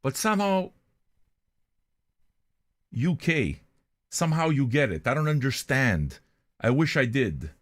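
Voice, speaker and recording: A man's voice: mid-range voice, sing-song, unhurried, long pauses. An older man from Canada, hosting a music reaction show in a blunt, profane, rambling monologue.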